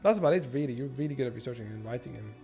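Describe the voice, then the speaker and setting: A young man streaming a strategy game, swearing and thinking out loud as he plans and shops. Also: medium pitch, animated, racing, creaky, faint music behind. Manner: profane, rambling, thinks out loud. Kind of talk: casual gameplay livestream commentary.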